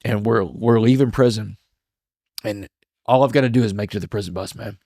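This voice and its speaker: Middle-aged man, somewhat low voice, dry close sound, casual storytelling. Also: fairly quick, no room sound. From Texas. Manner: casual, animated storytelling with many "man" fillers. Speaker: guest, motivational speaker. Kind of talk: storytelling in a podcast interview.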